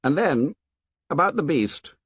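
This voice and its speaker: A man's voice: fairly high pitch, very animated, unhurried, fairly bright tone, husky, no echo, pitched above the performer's own voice, full character voice. A bossy, domineering boy leader, as a male narrator puts him on hands down orders with confident force. The voice is raised well above a man's own, on dull, dry audio. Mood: commanding. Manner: commanding, self-assured.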